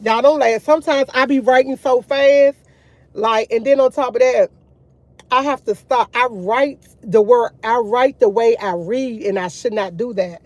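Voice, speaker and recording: A woman's voice: a little high, unhurried, a little mellow, no room sound. A woman vlogger talking casually to her viewers about faith, rambling with many restarts and addressing them as y'all. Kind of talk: casual faith chat to camera.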